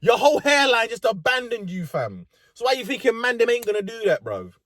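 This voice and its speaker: A man's voice: very high voice, very animated, a little fast, fairly bright tone, no room sound, studio quality. A young man with a London accent, ranting comedically and profanely in street slang from inside a car. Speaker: vlogger. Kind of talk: comedic rant.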